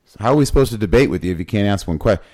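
A man's voice: on the low side, animated, very fast, a little mellow. A man co-hosting a podcast in casual talk, pressing his questions over and over. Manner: insistent, pressing questions repeatedly. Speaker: podcast co-host.

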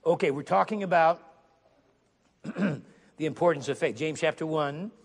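A man preaching a sermon to a congregation, emphatic, repeating key phrases and slowly reading scripture aloud while asking the listeners questions. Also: a little high, gravelly. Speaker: guest preacher. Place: church sanctuary. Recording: long hall reverb.

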